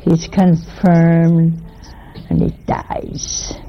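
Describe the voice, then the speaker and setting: A woman preaching to an audience in a chatty, teasing way, often pausing to ask her listeners rhetorical questions. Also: on the low side, monotone, lo-fi sound, a little hiss or hum. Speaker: religious teacher. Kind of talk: homespun sermon to an audience.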